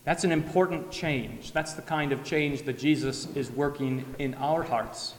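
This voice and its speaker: A man's voice: mid-range voice, unhurried, a little hiss or hum. A pastor giving a conversational sermon in a church, acting out everyday questions as he preaches. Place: church sanctuary. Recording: echoey hall, long reverb.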